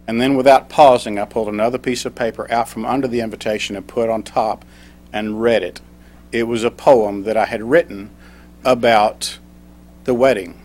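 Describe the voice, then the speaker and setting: Man telling a story in a club speech. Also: medium pitch. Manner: storytelling, reads a poem slowly. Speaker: club speaker.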